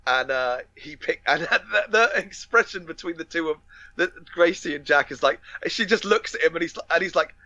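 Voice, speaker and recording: A man's voice: fairly high pitch, animated, moderate pace, pushed and bright, no echo, muffled recording. A man co-hosting a podcast, retelling a film plot in casual chat with lots of fillers, restarts and laughter. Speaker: podcast co-host.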